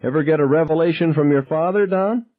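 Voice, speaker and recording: A man voicing a frantic teenage gunman who shrieks his questions in high, shrill bursts. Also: quick pace, lightly acted. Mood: shrill, menacing. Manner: high, shrill interrogating shouts. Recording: dull lo-fi sound.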